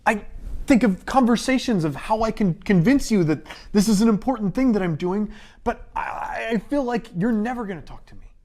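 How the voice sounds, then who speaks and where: A man's voice: medium pitch, fairly even intonation, slow, long pauses. A man playing a nervous, earnest young surveyor who stammers and pleads. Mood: exasperated pleading. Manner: hesitant, stammering, then pleading.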